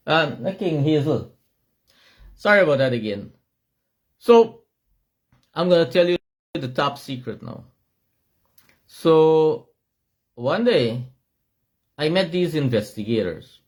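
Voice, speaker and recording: A middle-aged Guyanese man with a Guyanese accent, giving an impassioned, shouting monologue with emphatic repetition. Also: on the high side, very animated, takes it slowly, pauses often.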